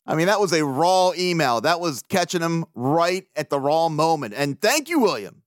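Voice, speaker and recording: A man hosting a casual solo podcast, swearing freely, animated and laughing often as he talks. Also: on the high side, moderate pace, dry recording, clean studio sound. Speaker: podcast host.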